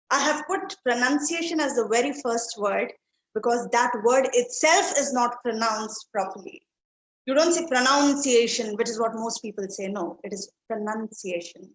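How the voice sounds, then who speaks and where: A woman with an Indian English accent runs an online pronunciation lesson in an emphatic, teacherly way, often repeating words for practice. Her voice sits fairly high. The room around her sounds echoey. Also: a little hiss or hum. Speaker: language trainer.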